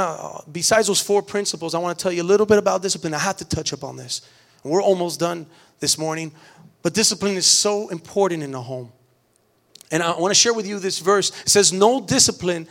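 High-voiced man preaching earnestly. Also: fast, vocal fry, fairly bright tone. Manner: earnest, repetitive restarts, rising emphatic preaching. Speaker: pastor. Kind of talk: sermon.

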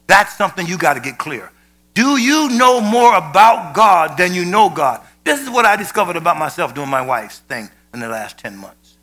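A man preaching a sermon with emphasis, rising to shouted peaks and dropping to low, quiet asides. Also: big pitch swings, normal speed.

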